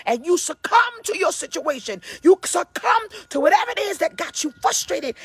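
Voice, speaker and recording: A woman pastor preaching an impassioned sermon in a husky voice, at times bursting into shouts. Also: very high-pitched, big pitch swings, normal speed, hardly any pauses, no echo. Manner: impassioned, calls listeners baby, bursts into shouts. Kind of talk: fiery sermon.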